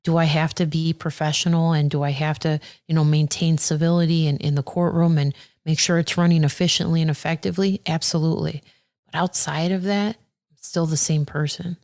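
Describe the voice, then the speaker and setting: A woman who is a circuit judge, talking earnestly and warmly as a podcast guest, getting animated when she quotes people. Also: sits low, a little fast. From Aurora, Illinois. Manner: earnest and heartfelt, animated when quoting others. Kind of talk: casual interview conversation.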